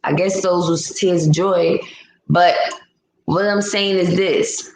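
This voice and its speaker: Low-voiced woman ranting on a livestream. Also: steady tone, takes it slowly, darkish tone, echoey room, poor audio. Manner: blunt, opinionated ranting while reading chat comments. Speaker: livestream host. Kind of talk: casual live-stream commentary.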